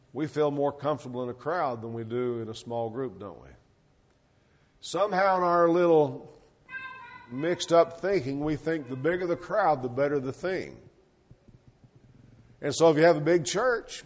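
A man with a slightly high voice preaches a sermon. He asks the congregation rhetorical questions and lets his voice swell and drop as he goes. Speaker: pastor.

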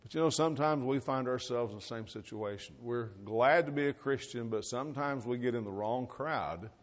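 A man's voice: mid-range voice, moderate pace. A middle-aged man preaching a sermon, reading scripture and explaining it in a folksy, conversational way with rhetorical questions. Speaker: pastor.

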